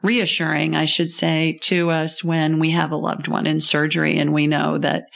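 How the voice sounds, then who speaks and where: A woman with a fairly low voice hosts a call-in radio show, talking in a calm, chatty, reassuring way. The sound is dull and lo-fi, like a broadcast recording. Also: moderate pace, vocal fry. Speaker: radio show host, psychic.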